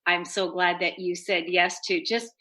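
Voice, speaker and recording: Bright-voiced woman radio host. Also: fairly low pitch, flat delivery, moderate pace, poor audio. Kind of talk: casual self-help radio talk.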